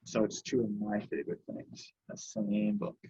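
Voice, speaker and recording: A man reading picture books aloud at a library story time, slow and unhurried, adding short comments of his own. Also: fairly low pitch, little pitch movement, warm tone, slightly rough, lo-fi sound.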